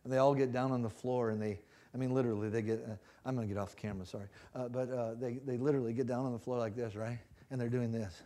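A man evangelist preaching a sermon in a church, swinging from hushed passages to loud rising climaxes and acted-out stories. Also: mid-range voice, fairly even intonation, quick pace, hardly any pauses. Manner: storytelling with shouted acted-out cries. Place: church sanctuary.

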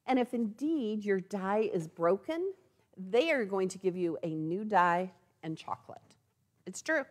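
A woman demonstrates products live inside a sewing store, speaking in a mid-range voice at a measured pace. She's chatty and animated, often ending lines with "okay?".

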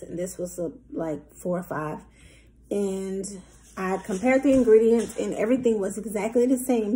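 A woman's voice: mid-range voice, gravelly, mellow. A woman chatting casually to camera at home as a vlogger. She rambles and fills her talk with many ums.

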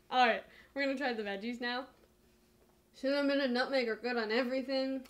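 A woman's voice: sits high, fairly even intonation, a little fast. A young woman co-hosting a cooking channel, narrating recipe steps and chatting casually with her co-host. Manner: chatty, laughs easily, says "like" a lot.

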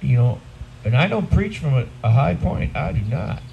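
A man's voice: mid-range voice, sing-song, moderate pace, gravelly, highs cut off, slight background noise. A man in his sixties, a priest, preaching a homily in a blunt, conversational, self-deprecating way. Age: 60s. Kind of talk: sermon.

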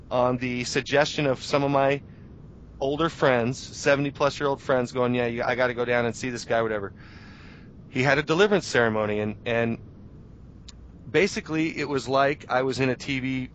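Brief: thirties male guest, animated storyteller, mid-pitched voice, muffled lo-fi radio sound, faint hiss. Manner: animated storytelling with restarts and self-talk. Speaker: interview guest, journalist. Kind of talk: casual radio interview. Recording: dull lo-fi radio audio.

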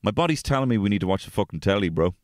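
A man hosting a podcast, telling casual stories about his family, swearing freely and jumping into high-pitched voices when quoting people. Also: very fast, no room sound, clean studio sound. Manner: swears freely, animated, acts out quotes in a high voice. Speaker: podcast host. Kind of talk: casual storytelling chat.

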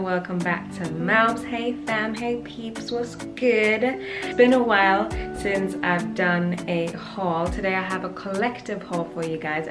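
A young woman talks through a clothing haul in a chatty, playful way, full of slang and jokey asides. Her voice sits at a middling pitch. It bounces around an echoey room with the mic set back, and faint music runs underneath. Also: recorded from a distance. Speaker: fashion vlogger. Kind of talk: casual haul vlog.

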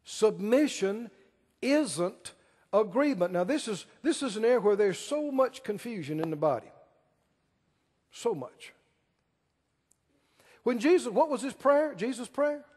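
This is a sermon from a male pastor whose high voice climbs and drops dramatically. Very animated yet unhurried, he pauses often, lengthens important words, and fires questions at the congregation in a slightly mellow, breathy tone. A long echo from a big hall trails his words.

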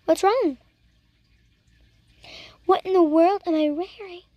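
Young woman, pretty high voice, dry close mic, casual teasing reaction chatter. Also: slow, dry recording, dull audio. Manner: chatty and teasing, talking back at the screen. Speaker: reaction video host.

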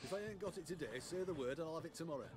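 A man playing a brisk, eager game shopkeeper. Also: on the high side, close to an everyday voice. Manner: brisk, folksy sales patter. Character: eager male merchant shopkeeper.

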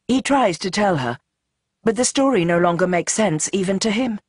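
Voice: mid-range voice, expressive, normal speed, slightly rough, no room sound, studio quality. Tense, dramatic audiobook narrator. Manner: tense, dramatic, shifting pace. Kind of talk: scripted narration.

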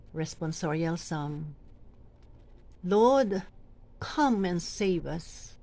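A woman with a Filipino accent reads scripture aloud and coaches others on how to proclaim it. Her delivery is unhurried and every word gets careful weight. Her pitch sits in the middle of the range. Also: darkish tone. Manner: slow, deliberate, emphatic reading with coaching asides. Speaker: lector trainer. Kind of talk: teaching and modeling scripture reading.

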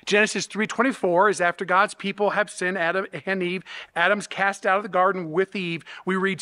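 A man's voice: high voice, flat delivery, fairly quick, bright, forceful tone, long reverb tail. A male pastor preaching a sermon in an earnest teaching manner, often checking in with "okay?" and "right?".

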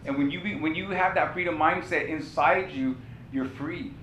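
A man's voice: normal speed, a bit bright. A male pastor preaching a sermon, telling a personal story with passion and repeating key phrases. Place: church sanctuary. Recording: echoey church room with faint rumble.

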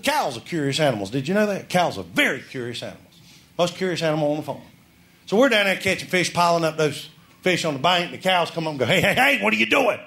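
A man doing live stand-up comedy, telling a folksy story and building up to excited shouts. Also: fairly high pitch, fast. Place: club or stage before a live audience. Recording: live show with audience laughter and noise.

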